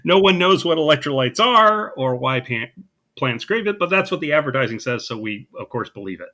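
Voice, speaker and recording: A man's voice: a little high, very animated, a little fast, pushed and bright. A man co-hosting a podcast, casually recapping a movie with dry, sarcastic humor. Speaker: podcast co-host.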